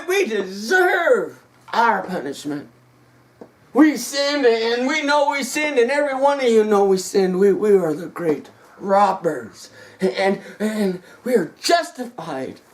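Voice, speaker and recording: Brief: a desperate condemned robber, pleading and insistent, slow delivery, as a preacher puts him on. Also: mid-range voice, recorded from a distance. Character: repentant robber on a cross, male.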